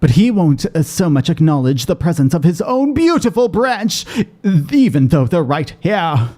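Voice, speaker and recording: A man reading aloud the lines of a theatrical, doting fairy monarch in a game, slow and flowery. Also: on the high side, very animated, warm tone. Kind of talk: reading a game's dialogue aloud.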